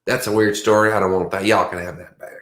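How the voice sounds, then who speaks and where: A man's voice: fairly low pitch, little pitch movement, quick pace, fairly bright tone, echoey room. A man hosting a livestream in casual, rambling chat, chatty and self-mocking. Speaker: livestream host.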